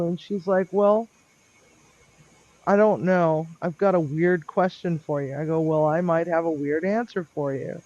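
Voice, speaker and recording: A man telling a long work story on a live stream in a rambling, chatty way, with lots of ums and lively quoted dialogue. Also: fairly high pitch, a little slow, no echo. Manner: chatty, lots of ums, animated when quoting others. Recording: dull lo-fi dry sound.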